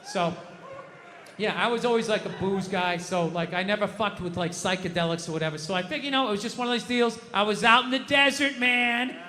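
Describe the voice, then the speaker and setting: A man's voice: sits high, a little fast, bright, forceful tone. A man in his fifties doing stand-up comedy on a live stage, telling stories in a profane, ranting way. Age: 50s. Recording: echoey hall with faint noise.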